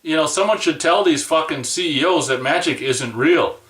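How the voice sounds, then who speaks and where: A man's voice: on the high side, normal speed, fairly bright tone, echoey room, recorded from a distance. A man venting in a rambling, profane, exasperated rant about his day. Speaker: vlogger. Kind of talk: angry personal rant.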